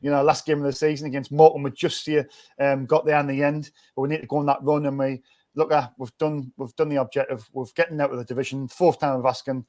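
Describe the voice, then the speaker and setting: A man's voice: mid-range voice, little pitch movement, fast, a little mellow. A man, hosting a casual football fan chat, rambling and restarting often in an upbeat way. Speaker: fan channel host.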